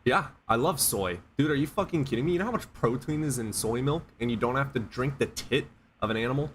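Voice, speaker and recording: A man's voice: medium pitch, lively intonation, fairly quick, slight background noise. A man hosting a casual livestream chat, blunt and joking, swearing freely. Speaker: livestream host.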